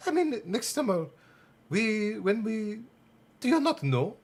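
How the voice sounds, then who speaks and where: A man's voice: sits high, sing-song, slow pace, pitched above the performer's own voice, heavily acted. A man voicing a sweet, gushing young French woman in a put-on French accent he calls clumsy, while reading a novel aloud on a live stream. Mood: teasing.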